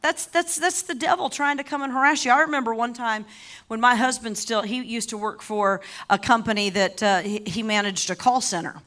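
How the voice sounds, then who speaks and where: Fervent woman preacher, builds to shouts. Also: a little high, fairly even intonation, brisk. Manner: impassioned, rising to shouts; repeats and restarts words often. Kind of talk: sermon.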